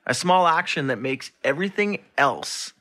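A man's voice: a little high, expressive, normal speed, bright, forceful tone. A man in his fifties hosting a podcast in casual joking chat, losing his voice, laughing often as he spins long jokes. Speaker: podcast host and physiotherapist.

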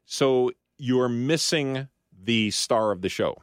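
A man's voice: medium pitch, slow, no room sound, studio quality. Chatty man talking food on radio. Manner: chatty, explains with rambling restarts and laughs. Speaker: studio guest, food commentator. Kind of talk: casual radio talk. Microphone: studio microphone.

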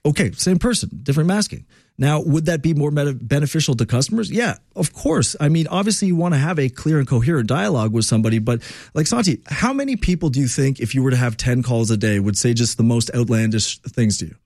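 A man's voice: medium pitch, animated, quick pace, darkish tone, dry recording, clean studio sound. A man hosting a talk radio show, giving an emphatic, rambling, opinionated monologue on air. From Quebec, Canada.

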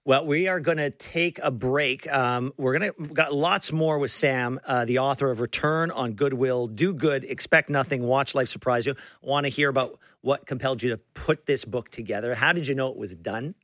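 A man's voice: mid-range voice, normal speed, hardly any pauses, a bit bright, no echo, clean studio sound. A man hosting a conversational interview, telling a story with frequent restarts and fillers. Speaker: interview host.

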